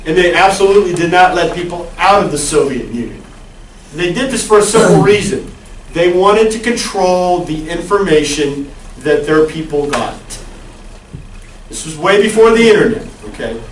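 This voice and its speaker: A man's voice: high-pitched, expressive, normal speed, slight background noise. A male college lecturer giving a conversational classroom lecture and asking the class questions. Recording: echoey classroom, far from the mic.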